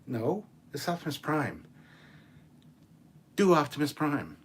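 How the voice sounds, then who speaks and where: A man hosting a casual chat show, reading viewer messages and ranting in an animated, profane way. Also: on the high side, slow, husky. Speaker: channel host.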